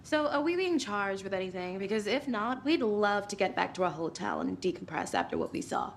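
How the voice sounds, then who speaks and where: A woman's voice: medium pitch, sing-song, fairly quick, vocal fry, slight background noise. A woman voicing a wry, pushy female true-crime writer in a video game, sarcastic and defensive.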